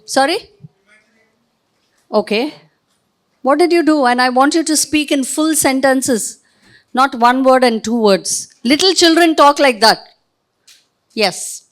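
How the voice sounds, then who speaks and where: Brief: woman trainer, high bright voice, brisk directive questions to the room, speaking at a podium mic. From India. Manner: directive, quizzing the audience with quick questions. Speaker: workshop trainer. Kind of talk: interactive training session. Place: training room with a live audience. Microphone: podium microphone.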